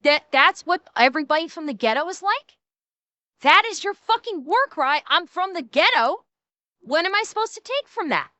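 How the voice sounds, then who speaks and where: A woman's voice: very high-pitched, expressive, normal speed, sharp tone, dry recording. A woman streamer in a heated, profane live reaction rant, talking into a desk microphone. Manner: angry, profane, heated ranting.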